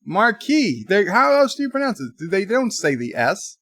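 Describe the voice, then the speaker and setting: A man's voice: high-pitched, sing-song, brisk, a bit bright. A man hosting a livestream, reading viewer comments aloud in a chatty, exasperated way. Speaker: livestream host. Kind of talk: casual live chat reading comments.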